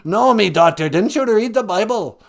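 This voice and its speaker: A man's voice: sits high, animated, normal speed, vocal fry. A man doing the Great Spirit with a lilting brogue. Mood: preachy. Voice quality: lilting put-on brogue, calls her "me daughter". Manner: grandly solemn, folksy sermonizing. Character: Great Spirit, an all-knowing male deity, gently preachy. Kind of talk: improvised comic skit.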